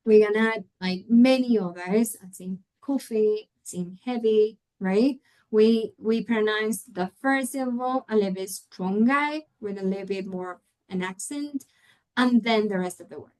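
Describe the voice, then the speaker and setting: A woman's voice: mid-range voice, normal speed, a little mellow, poor audio. A woman whose first language is Spanish, giving a webinar lecture to teachers, patiently explaining and modelling example words aloud, often checking in with tag questions. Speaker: English teacher trainer.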